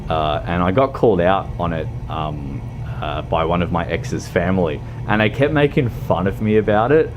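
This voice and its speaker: Over some background noise, a low-pitched man speaks at a moderate pace. He's a game streamer from Australia, chatting casually at home as he drives a truck game, full of fillers, laughter and self-mocking rambles.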